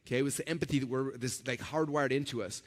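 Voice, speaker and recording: A man giving a storytelling keynote at a conference. He talks in an animated way and acts out the voices of the people in his stories. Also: mid-range voice, quick pace. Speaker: conference speaker. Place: large event hall with a live audience. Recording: reverberant hall recording.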